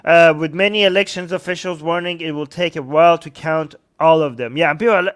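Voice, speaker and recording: A man's voice: sits high, brisk, a bit bright. A man hosting a live-stream commentary, reading news snippets aloud and reacting to viewer comments with sarcastic asides. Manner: sarcastic, mocking impressions of others. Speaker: host.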